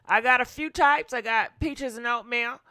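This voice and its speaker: Woman host, folksy chatty manner, bright voice, dry close sound. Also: a little high, normal speed, no room sound. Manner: chatty, folksy, sighing and humming asides. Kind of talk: casual chat to viewers.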